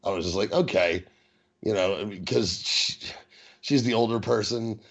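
A man co-hosting a podcast in casual chat, rambling with halting restarts and chuckling at his own jokes. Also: lowish voice, creaky. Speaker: podcast co-host. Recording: dull lo-fi recording.

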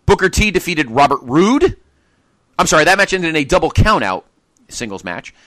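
A man's voice: a little high, sing-song, moderate pace, fairly bright tone, dry recording. A man hosting a podcast, reading match results aloud with incredulous asides and frequent laughter. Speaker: podcast host. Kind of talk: casual chat, reading match cards.

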